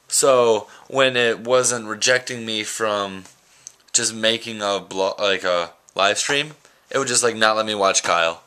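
A man's voice: on the low side, takes it slowly, bright, forceful tone, smooth. Goofy young man rambling to camera. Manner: goofy, rambling, self-mocking. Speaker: vlogger. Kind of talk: casual daily vlog. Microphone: handheld camera mic.

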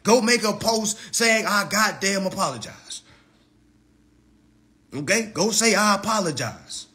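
A man tears into a rival in a profane live-stream roast. His voice sits very high and bright, swinging wildly up and down as he mocks, repeats his jabs and swears freely. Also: animated, unhurried. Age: 30s. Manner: heated, mocking, swearing freely, repeating lines for effect.

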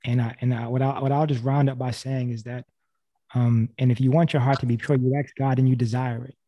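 This man speaks a little fast at a medium pitch with little pitch movement, and the audio sounds dull. Sharing his faith testimony over a video call, he preaches in a casual, earnest way, often restarting and repeating key phrases.

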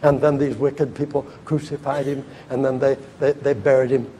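An older man preaching a sermon, telling stories with big swings from loud cries to hushed words. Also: medium pitch, little pitch movement, moderate pace, slight background noise. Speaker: evangelist.

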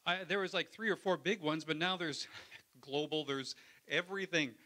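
A man's voice: a little high, normal speed, pushed and bright. A man, a pastor, preaching a sermon in a conversational way, often asking the congregation for an amen. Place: church.

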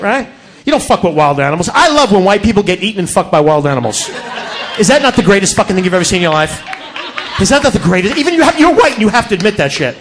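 On stage at a club, a high-voiced male stand-up comedian performs a crude, profane routine, yelling his punchlines into a handheld mic.

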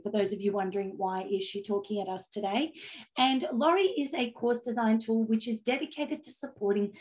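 A woman from Australia with an Australian accent, giving an upbeat, chatty remote conference presentation as a product owner, with self-deprecating asides. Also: fairly high pitch.

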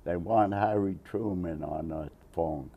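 A man's voice: sits low, unhurried, warm tone, breathy edge, muffled recording. A man in his nineties, a Navy veteran, telling a long rambling story in an oral history interview, chuckling and acting out the quotes. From Massachusetts, USA. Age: 90s.

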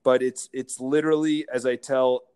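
A man, a real estate firm founder, telling animated anecdotes as a guest in a casual interview. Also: medium pitch, normal speed, clear, resonant tone. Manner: animated anecdotes, playful mimicking of others.

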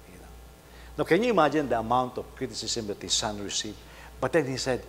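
A middle-aged man, preaching a sermon, telling a story and swinging between loud emphasis and soft asides. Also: medium pitch, normal speed. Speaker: pastor. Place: church hall. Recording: faint hum, long hall reverb.

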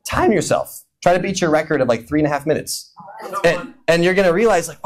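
Guy preaching with a high voice, jokey, keeps acting out little prayer bits. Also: expressive, a little fast, low-quality recording. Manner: playful, acts out imagined prayers and voices. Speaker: pastor. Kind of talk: humorous sermon. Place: church hall.

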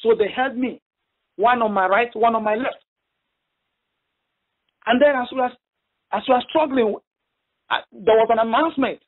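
High-voiced husky male preacher on phone. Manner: halting, repeats himself, emphatic retelling. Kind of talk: sermon over a phone prayer line. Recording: tinny phone line.

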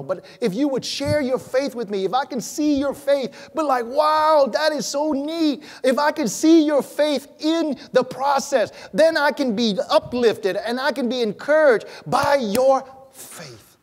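A pastor preaching a sermon in church, animated, swinging between loud emphatic lines and low quiet ones. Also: male voice, unhurried, few pauses.

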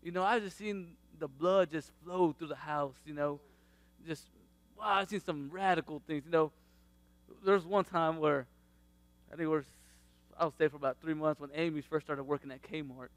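Animated high-voiced man telling a testimony. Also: moderate pace, no echo. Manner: animated, laughs often, acts out quotes. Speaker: father sharing faith testimony. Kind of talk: casual testimony.

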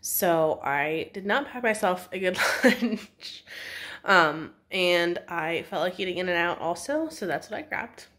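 A woman's voice: lowish voice, expressive, slow, fairly bright tone. A young woman from California vlogging at home, chatty and self-deprecating, with a slightly stuffy nose. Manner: chatty, rambling, self-deprecating, laughs at herself. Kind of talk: casual vlog chat to camera.

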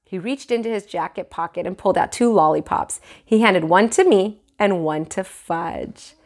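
A woman teacher reading a children's chapter book aloud in an expressive storytelling manner. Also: medium pitch, moderate pace. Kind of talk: children's read-aloud narration.

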